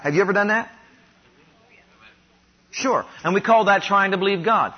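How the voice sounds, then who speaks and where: A man from Ohio preaching a sermon, having the congregation repeat declarations after him and rising louder on each one. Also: high-pitched, normal speed, pauses often. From Ohio, USA. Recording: dull lo-fi sound.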